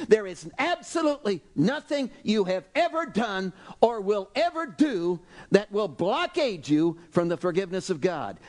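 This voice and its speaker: A male pastor preaching a sermon, animated and exclaiming, acting out voices from the story. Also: sits high.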